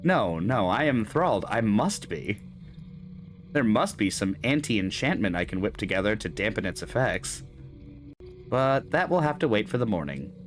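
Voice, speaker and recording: A man's voice: lowish voice, big pitch swings, moderate pace, faint music behind. A man hosting a gaming stream, reading a game's narration aloud with dramatic flair. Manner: dramatic reading with swearing asides. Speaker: gaming channel host. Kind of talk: reading game narration aloud with live chat.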